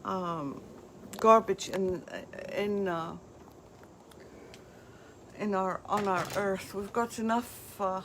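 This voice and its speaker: A woman's voice: mid-range voice, steady tone, slow, long pauses, a little hiss or hum. A woman hosting a live craft demonstration, chatting as she walks viewers through each step. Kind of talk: live craft product demo.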